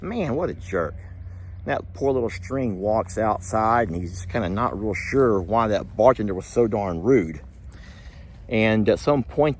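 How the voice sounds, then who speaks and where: A man, telling folksy stories in a rambling, chuckling way while working outdoors at his horse barn. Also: fairly low pitch. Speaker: ranch vlogger. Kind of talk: casual storytelling while doing chores.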